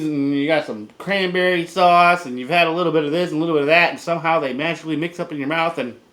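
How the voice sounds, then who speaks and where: A man casually reviewing beer and vape juice on his vlog, rambling loosely, swearing freely and often trailing off into quiet mutters. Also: fairly high pitch.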